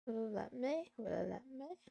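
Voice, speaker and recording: A woman streamer chats casually through a study session, half talking to herself and tossing in playful meows. Her voice sits a little high with a gravelly fry and unhurried pacing, and the sound is close and dry. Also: expressive, warm tone, no room sound. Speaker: VTuber streamer. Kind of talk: casual livestream chatter while studying.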